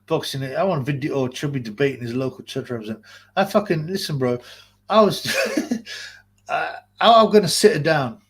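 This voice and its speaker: A man's voice: a little high, brisk, fairly bright tone, husky. A man hosting a livestream, chatting in a rambling, profane way and laughing often. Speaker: livestream host. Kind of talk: casual livestream chat.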